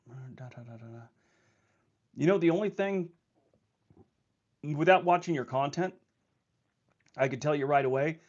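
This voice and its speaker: A man chatting casually on his livestream, rambling and quick to laugh. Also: mid-range voice, highs cut off. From California. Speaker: livestream host.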